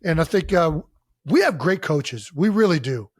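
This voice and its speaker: A man with a notably high-pitched speaking voice holds forth as a podcast co-host. He explains his points at length with emphasis, and he swears freely in loose, casual sports chat. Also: expressive, normal speed, slightly rough, no room sound, clean studio sound.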